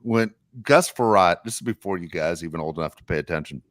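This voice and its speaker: A middle-aged man co-hosting a sports podcast, telling animated stories and acting out quotes. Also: low-pitched, fairly quick, dry recording. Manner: animated storyteller, acts out quotes. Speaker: podcast co-host. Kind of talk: casual sports chat.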